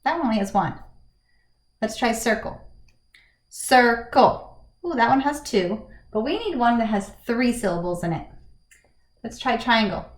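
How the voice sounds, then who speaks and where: A woman teacher giving a slow, encouraging lesson to children from her home, asking them questions in a sing-song way. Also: fairly high pitch, expressive. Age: adult, married with a young son. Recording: echoey room.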